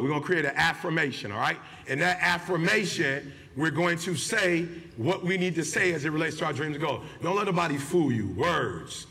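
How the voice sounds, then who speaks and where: A man's voice: on the high side, sharp tone. A man giving an emphatic, slangy motivational speech to a live audience, calling for responses. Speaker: motivational speaker. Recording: live hall with long reverb.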